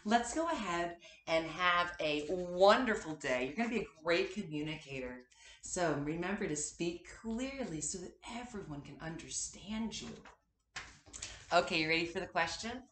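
A woman teaching a kindergarten class its morning meeting, slow and encouraging as she speaks to small children. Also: on the low side, lively intonation, a bit bright, roomy sound, a little hiss or hum.

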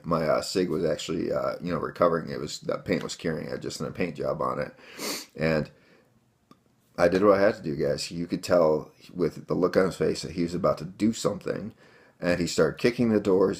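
Deep gravelly man, rambling casual storyteller. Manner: rambling, many fillers, addresses viewers as guys. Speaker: vlogger telling a home defense story.

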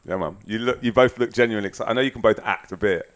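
A man's voice: on the low side, very fast. A man talking as a guest on a casual podcast recorded in a front room, telling long anecdotes in a chatty way. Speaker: guest musician.

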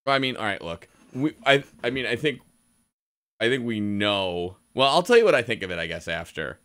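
A male streamer joking his way through a game, with a very deep voice and a bright, forceful edge. He swears freely and laughs often as he chats. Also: lively intonation, moderate pace, smooth. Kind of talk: casual game commentary.

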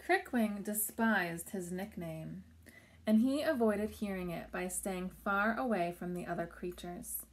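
A woman reading a children's picture book aloud at home, gently pausing to talk about the pictures and ask questions. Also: mid-range voice, a little hiss or hum. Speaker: storybook reader for children.

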